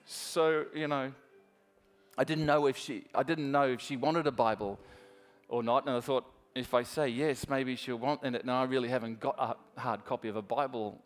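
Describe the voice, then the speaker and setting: A man's voice: medium pitch, steady tone, normal speed, in a large hall. An Australian man preaching a sermon in a church, telling a story in a chatty way and talking straight to the congregation. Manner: chatty, restarts often, speaks straight to the congregation.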